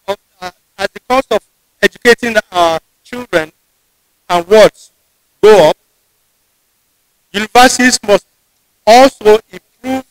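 A man with a Nigerian English accent giving a formal convocation address in a measured, deliberate way, often restarting his phrases. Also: high voice, fairly bright tone, no echo, rough recording. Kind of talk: formal ceremonial speech. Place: ceremony venue.

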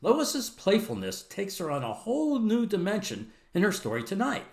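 A man's voice: high voice, huge pitch swings, normal speed, darkish tone. A man, the instructor, introducing storytellers in a showman-like way. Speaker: instructor and emcee. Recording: roomy echo.

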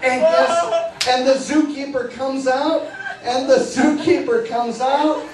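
A man working as a stage hypnotist, guiding volunteers through suggestions with slow, coaxing, playful patter. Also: very high voice, fairly even intonation. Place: party venue with audience. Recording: echoey room from far off, faint music.

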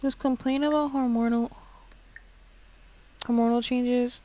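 Young woman let's-play host, chatty and slow, a bit high, dry close mic. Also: fairly even intonation, dark tone. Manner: chatty, reacts aloud, swears casually. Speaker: gaming channel host. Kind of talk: casual let's play commentary.

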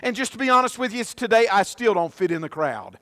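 Pastor, high tenor, earnest folksy sermon, dry sound. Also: male voice, expressive, brisk, a bit bright, dry recording. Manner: folksy, earnest, with many restarts and asides. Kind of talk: sermon and prayer. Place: church sanctuary.

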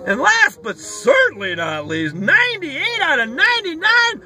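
A man opening sports card mail in his car, talking in an excitable, profane, hollering way. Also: very high-pitched, a little slow. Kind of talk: casual card-opening vlog. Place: inside a car. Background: rock music playing faintly.

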